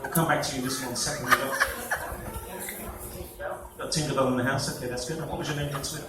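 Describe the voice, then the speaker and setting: A man's voice: medium pitch, flat delivery, fast. A man working as a stage hypnotist at a fair, giving repetitive, coaxing commands to volunteers in a playful live-show patter. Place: fair stage before an audience. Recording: echoey, distant, noisy crowd recording.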